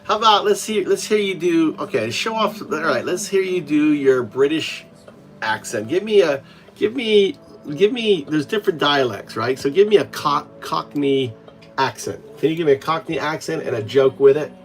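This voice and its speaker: A man chatting casually with AI assistants, rambling and halting with many restarts. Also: on the high side, expressive, soft background music. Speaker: host.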